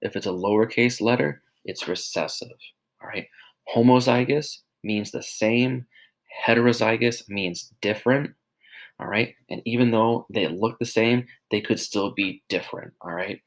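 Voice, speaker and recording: A man teacher narrates a recorded slide lecture in a fairly low voice. He explains with simple everyday comparisons and checks in often with "all right?". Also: normal speed, low-quality recording.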